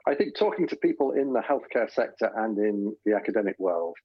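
A man from Britain, a former intelligence director, answering interview questions deliberately. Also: fairly low pitch, sing-song, husky. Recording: dull lo-fi sound.

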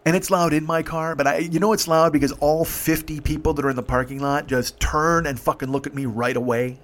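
A man's voice: a little high, steady tone, fairly quick. A man in his fifties, hosting a podcast, telling a long story in a profane, rambling way with many restarts. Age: 50s. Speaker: podcast host. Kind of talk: casual storytelling.

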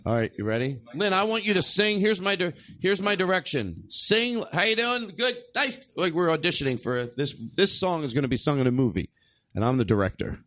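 Rambling, lively-voiced podcast host man. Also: a little high, a little fast. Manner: rambling, jokey, swears, breaks into silly voices. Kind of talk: loose, joking banter in studio. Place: podcast studio with a small stage.

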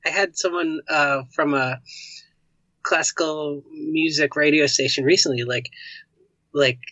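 Laid-back man, bright voice, dry lo-fi. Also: a little high, fairly even intonation, unhurried, dry recording. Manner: laid-back, chatty, lots of "like" and "you know". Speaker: guest, game developer and musician. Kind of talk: casual interview chat.

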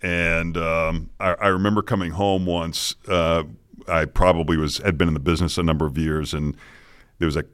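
Middle-aged male anchor, very deep voice, laid-back storyteller, no room sound. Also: moderate pace, smooth, no room sound, studio quality. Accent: General American. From Boston area, US. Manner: relaxed storyteller, self-deprecating, chuckles often. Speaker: morning news anchor, podcast guest. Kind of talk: casual interview chat. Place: podcast studio.

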